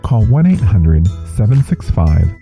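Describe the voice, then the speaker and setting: A man reading a formal closing announcement for a podcast in a measured way. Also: on the low side, sing-song, vocal fry, mellow, faint music behind.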